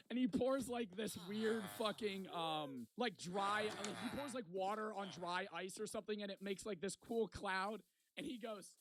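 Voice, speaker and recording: A man's voice: high-pitched, normal speed, a bit bright. A young man casually telling a long vacation story, rambling and swearing a lot and often tagging lines with "right?". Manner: rambling, profane, repeats "right?". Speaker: vlogger.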